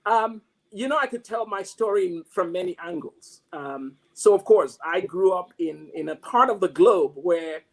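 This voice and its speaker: A man's voice: high-pitched, animated, normal speed, hardly any pauses. A man who teaches mathematics, giving a reflective, story-driven motivational talk with frequent restarts. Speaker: mathematics professor.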